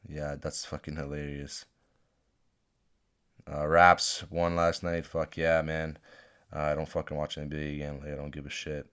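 A man's voice: extremely low pitch, little pitch movement, moderate pace, pauses often, fairly bright tone, clear, resonant tone. A young man hosting a solo podcast, ranting and rambling with lots of swearing and restarts. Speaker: podcast host. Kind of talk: unscripted solo rant. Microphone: phone.

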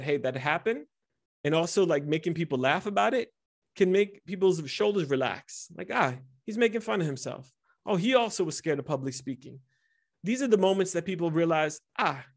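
A man in his thirties speaking candidly to an audience, telling vulnerable personal stories in an animated way. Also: a little high. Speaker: speaker teaching instructors. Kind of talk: personal storytelling talk.

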